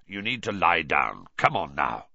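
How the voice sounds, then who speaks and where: A gruff, brusque older male wizard in a storybook reading, his voice dropped deep and clipped, as a male narrator puts him on. The recording is dry and slightly dull. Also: big pitch swings, measured pace, sharp tone, no echo, exaggerated voice.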